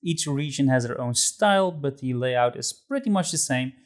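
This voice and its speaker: A man's voice: mid-range voice, expressive, moderate pace. A man hosting a podcast, introducing the episode and guest in a loose, friendly way with fillers. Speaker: podcast host.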